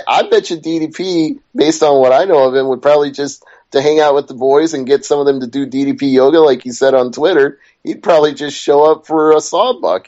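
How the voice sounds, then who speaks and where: A male podcast co-host in casual chat, chatty and wandering off topic before reining it back in. His mid-pitched voice comes through dull, lo-fi podcast audio. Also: a little mellow.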